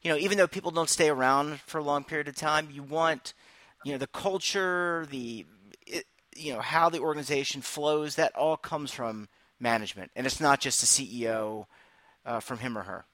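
Bright-voiced male radio host. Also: a little high, dry recording. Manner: upbeat, joking, quick asides. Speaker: show host. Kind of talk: casual radio show hosting.

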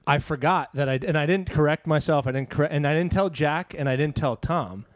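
A man's voice: a little high, brisk, no room sound. Rambling man telling a prank story. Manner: rambling storyteller, laughs often. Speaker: comedian. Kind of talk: casual chat.

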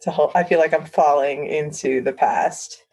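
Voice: mid-range voice, normal speed, a little mellow, slightly rough, poor audio. A participant in a poetry discussion, hesitant, with many restarts and casual fillers.

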